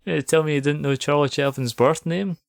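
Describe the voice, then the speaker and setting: A man's voice: fairly high pitch, steady tone, brisk, vocal fry, no echo, clean studio sound. A Scottish man co-hosting a podcast, chatting casually and laughing often. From Scotland. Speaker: podcast co-host. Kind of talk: casual chat.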